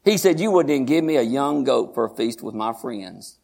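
A man preaching a sermon in church, moving from quiet asides to shouted, high-pitched storytelling. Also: lively intonation, fairly quick, creaky. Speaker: pastor.

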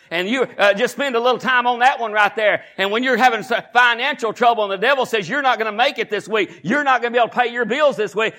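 Man, pastor, sermon, high-pitched, call-and-response. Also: fast, few pauses. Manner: builds from low conversational teaching to loud, shouted preaching.

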